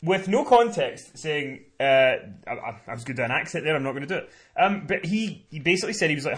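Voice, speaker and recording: A man's voice: fairly high pitch, fairly quick, hardly any pauses. A man co-hosting a podcast, telling a story in casual chat. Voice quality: chatty, animated storyteller. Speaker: podcast co-host and event promoter.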